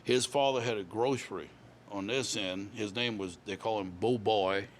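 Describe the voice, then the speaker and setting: A man's voice: lowish voice, moderate pace, a little hiss or hum. A man, telling stories as a guest in a casual interview, often repeating and restarting words. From Louisiana. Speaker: guest musician.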